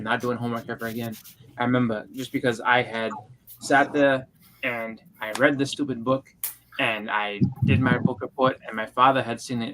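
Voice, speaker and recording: Bright-voiced man rambling through a story. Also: mid-range voice, slight background noise. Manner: rambling, many restarts and fillers. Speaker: podcast co-host. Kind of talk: casual storytelling.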